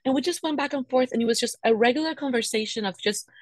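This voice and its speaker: A woman's voice: high voice, fast talker, dry recording. Young woman, pregnant and tired, emotional venting, dry close sound. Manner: emotional, venting, frequent "right?" asides. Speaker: podcast co-host. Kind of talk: candid casual chat.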